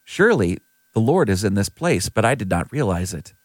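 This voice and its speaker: A man's voice: on the low side, very animated, a little fast, no room sound. A man reading the lines of Jacob, an earnest young traveler, in a lightly lifted voice.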